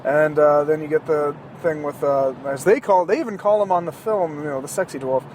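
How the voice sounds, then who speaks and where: High-voiced man rambling while driving. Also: brisk, a little mellow, a little hiss or hum. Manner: profane, joking, sarcastic. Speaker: podcast host. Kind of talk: casual rambling monologue. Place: inside a moving car.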